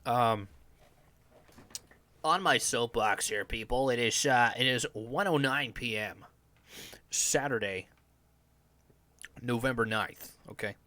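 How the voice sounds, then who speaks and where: A man's voice: medium pitch, slow, pauses often, sharp tone, dry recording. A man hosting his own podcast as a live stream, rambling and sardonic, swearing often and restarting his sentences. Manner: meandering, profane, full of fillers and restarts. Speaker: podcast host.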